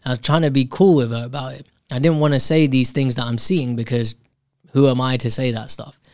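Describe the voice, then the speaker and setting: A man's voice: mid-range voice, fairly even intonation, a little fast, no room sound, studio quality. A man in a casual, candid monologue telling a personal story, reflecting on himself and often restarting his sentences.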